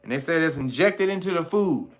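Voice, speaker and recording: A man hosting a casual livestream, talking straight to his viewers in a profane, animated way, laughing often and reading out chat guesses. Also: a little high, fairly quick. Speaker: host.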